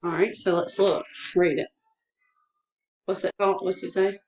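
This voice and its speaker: A woman's voice: on the low side, fairly even intonation, moderate pace, a little mellow, a little hiss or hum, poor audio. A woman teacher guiding a one-on-one dictation lesson, patient and encouraging, breaking words into syllables.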